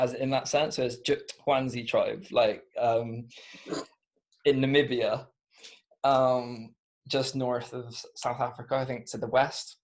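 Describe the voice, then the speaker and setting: A man's voice: mid-range voice, a little mellow. A man with a Bristolian accent, a podcast guest talking through ideas casually, thoughtful and rambling, with many fillers and restarts. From Bristol, England. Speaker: podcast guest, comedian and author. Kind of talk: casual interview chat.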